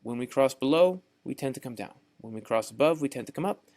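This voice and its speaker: Young man, southern accent, course instructor, folksy, repetitive, mid-pitched voice. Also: expressive, quick pace, a little mellow. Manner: repetitive, folksy, says "right?" often. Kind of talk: screen-share tutorial narration.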